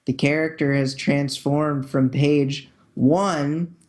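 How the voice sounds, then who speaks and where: A man's voice: a little high, steady tone, slow, a little mellow. Upbeat, jokey man hosting a podcast. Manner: upbeat, jokey, repeats words as he restarts. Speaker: podcast host. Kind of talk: casual chat.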